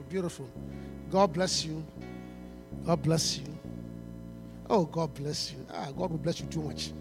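Man, pastor at a church appeal, high voice, pleading, stammering restarts. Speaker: pastor launching a book.

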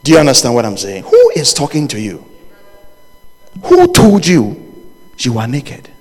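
Animated preacher in a reverberant hall. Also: male voice, normal speed, slightly rough. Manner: animated, rising to shouts and dropping low; laughs and jokes with the congregation. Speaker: pastor. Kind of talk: sermon.

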